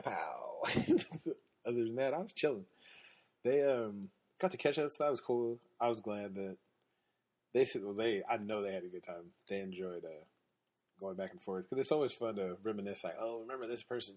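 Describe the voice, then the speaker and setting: A man's voice: on the low side, darkish tone. Laid-back man telling stories. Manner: laid-back, laughs often, acts out quotes. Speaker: podcast host. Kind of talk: casual storytelling monologue.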